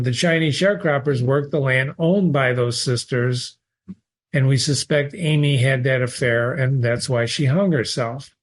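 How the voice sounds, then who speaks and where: A man talking casually through a short story as a literature teacher, answering emails from viewers, wandering into asides and reading passages aloud. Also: on the high side. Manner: conversational, digressive, with restarts and asides. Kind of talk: casual spoken literary analysis.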